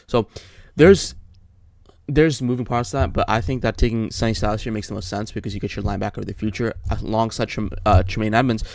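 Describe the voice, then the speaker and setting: A man's voice: lowish voice, dry recording. A young man giving casual solo football draft commentary, rambling and repeating himself as he restarts his thoughts. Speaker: sports commentator.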